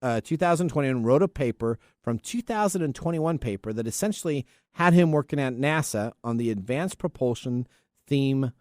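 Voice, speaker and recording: A man's voice: medium pitch, expressive, moderate pace, a little mellow, no room sound. Guy hosting a tech podcast, voice bouncing all over, rambly, trips on names, dry close mic. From US Pacific Northwest. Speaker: podcast host. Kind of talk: casual tech podcast chat.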